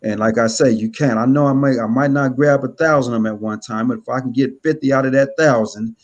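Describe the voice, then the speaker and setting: Male guest from California, mid-pitched, earnest, halting delivery. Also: dull audio. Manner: hesitant, many "uh" fillers, earnest.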